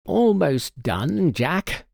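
A sharp-minded detective lays out his reasoning with calm command, as a male narrator plays him. His voice sits a little higher than the narration and moves with lively rise and fall. Delivery is unhurried and the sound dry and close. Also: vocal fry, no echo, heavily acted. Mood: assured. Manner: precise, authoritative explaining.

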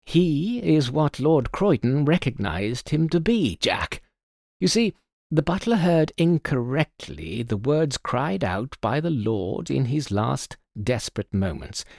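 A man's voice: mid-range voice, sing-song, slow pace, vocal fry, darkish tone, no echo, studio quality, pitched above the performer's own voice, heavily acted. A man doing a commanding detective. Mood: assured. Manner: precise, authoritative explaining. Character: brilliant older male detective, calm and commanding.

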